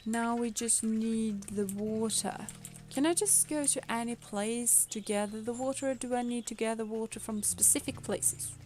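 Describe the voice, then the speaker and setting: A woman's voice: a little high, moderate pace, music in the background. A woman streamer giving casual let's-play commentary, thinking aloud in a playful way and chatting with her viewers. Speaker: VTuber streamer.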